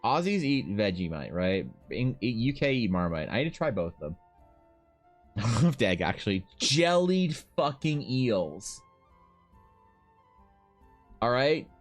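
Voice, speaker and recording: A man's voice: mid-range voice, a little slow, long pauses, soft background music. A man from Ukraine chatting casually on a livestream, riffing with mock outrage and plenty of swearing as he reads. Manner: animated, profane, mock-outraged riffing while reading. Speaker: streamer.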